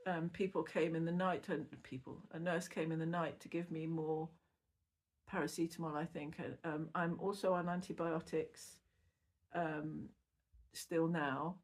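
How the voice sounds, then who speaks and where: Middle-aged woman, vlogger post-surgery; casual, meandering, quick to laugh. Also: sits low, fairly even intonation. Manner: rambling, chatty, laughs often. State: recovering from surgery. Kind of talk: casual recovery vlog.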